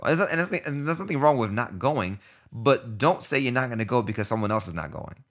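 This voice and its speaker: A man from New York City hosting a podcast in his thirties, telling a story casually and acting out the dialogue in quick back-and-forth. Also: medium pitch, animated, a bit bright. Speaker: podcast host.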